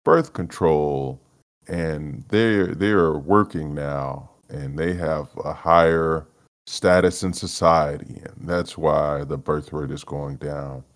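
Podcast host, male, extremely low voice, low-energy profane solo rambler. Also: steady tone, slow pace. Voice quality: profane, rambling, laughs often. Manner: low-energy, mumbling, trailing off. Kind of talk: solo casual rant.

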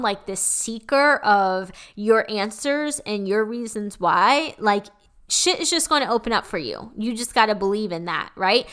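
Woman, podcast host, motivational pep talk, energetic, swears a lot, smooth clear voice. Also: a little high.

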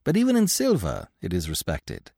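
A man's voice: on the low side, wildly swooping pitch, normal speed, creaky, mellow, breathy edge, no room sound, heavily acted. Suave, ironic young man; male narrator voicing him, dry and close. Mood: wry. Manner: suave, wry. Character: quick-witted young man, smooth and ironic.

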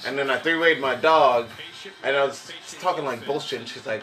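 A man's voice: mid-range voice, normal speed, soft background music, poor audio. A young man telling crude stories to friends, laughing and joking. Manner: crude, lively, laughing banter. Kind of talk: casual storytelling among friends. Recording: crowd noise behind.

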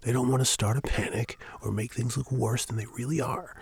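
A man voicing a worried young male priest who calls out urgently and then explains patiently, with a gravelly voice. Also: medium pitch, steady tone, a little fast, no room sound, voice pushed up. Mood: explaining. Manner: urgent, raised and strained.

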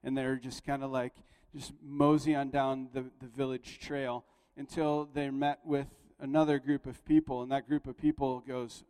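A man's voice: fairly high pitch, level tone, normal speed, clear, resonant tone. Man preaching a sermon in a reverberant hall. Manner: conversational storytelling with rising emphasis. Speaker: pastor. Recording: long reverb of a large hall.

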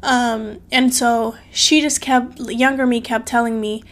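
A woman's voice: on the high side, steady tone, measured pace, few pauses, fairly bright tone. A woman talking to her camera, telling a personal story in an earnest, emotional way, full of "like" fillers and repeated phrases, close to tears at times. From outside the US. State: tearful at times. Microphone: phone or camera.

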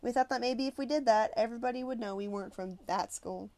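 A woman narrating an audiobook in the first person with an expressive, conversational delivery. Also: fairly high pitch, quick pace.

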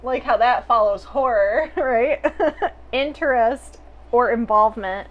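A woman's voice: a little high, takes it slowly, lo-fi sound. Laughing casual woman podcaster. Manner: chatty, laughs often, swears casually. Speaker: podcast host.

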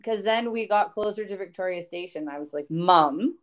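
A daughter co-hosting a casual chat tells her mother a travel story, her medium-pitched voice moving a little fast. She's animated, acts out other people's voices when quoting them, and laughs often.

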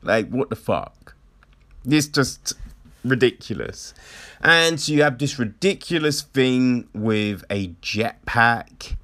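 A man's voice: medium pitch, lively intonation, slow, a bit bright. A man giving a casual, frank film review, indignant and swearing, with many restarts and fillers.

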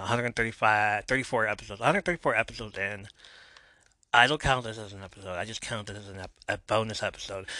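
Man, podcast host, solo casual chat; bright tense timbre, dry close sound, self-mocking and excitable. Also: medium pitch, no room sound. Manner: excitable, self-mocking, voice jumps up when amused.

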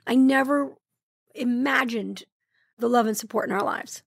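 A middle-aged woman guest in a podcast interview, talking fast and effusively and repeating words for emphasis. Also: fairly high pitch, creaky, dry recording, studio quality. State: tearful, choked up.

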